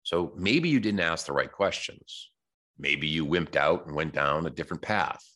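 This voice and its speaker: A man's voice: a bass voice, lively intonation, normal speed, bright, forceful tone. A man hosting a podcast, giving a blunt, direct motivational talk about sales and telling stories from his own work. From United States. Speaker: podcast host.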